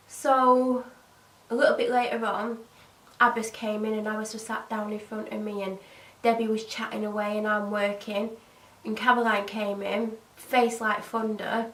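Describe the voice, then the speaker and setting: A woman's voice: fairly high pitch, normal speed, reverberant, distant mic, poor audio. A woman casually telling a story about her old job, acting out what each person said. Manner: animated retelling, voicing other people's lines. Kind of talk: casual story-time monologue.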